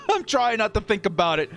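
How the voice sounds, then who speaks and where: A high-pitched man in his thirties hosts a live fan watch stream, calling plays and reading out donation messages. He talks with exuberant energy and breaks into shouts. Faint music plays behind him. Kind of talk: excited live game commentary and chat reading.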